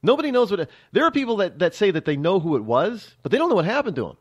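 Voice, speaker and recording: Animated American talk radio host. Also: male voice, sits high, fast talker, dull audio. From United States. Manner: rambling, emphatic, many restarts and asides. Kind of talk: political talk radio monologue.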